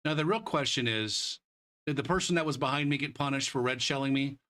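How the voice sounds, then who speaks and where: A man's voice: medium pitch, brisk. A young man streaming a kart racing game, ranting and swearing about a lost race. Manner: shouts in disbelief at the replay. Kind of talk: casual gaming stream commentary.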